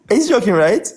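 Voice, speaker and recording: A man chatting as a guest on a live stream, animated and laughing, throwing in bro at every turn. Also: extremely high pitch, husky. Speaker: panel guest. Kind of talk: casual livestream chat.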